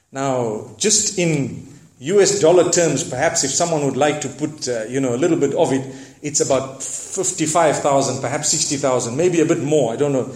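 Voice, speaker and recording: Guy giving a sermon story, animated and dramatic, roomy echo. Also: fairly high pitch. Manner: animated, dramatic retelling with lively asides. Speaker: preacher.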